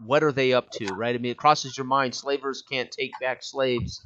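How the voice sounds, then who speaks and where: A man running a tabletop role-playing game as game master, narrating and checking rules with many pauses and fillers. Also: mid-range voice, steady tone, crowd noise. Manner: halting, thinks aloud with many fillers. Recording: dull lo-fi sound.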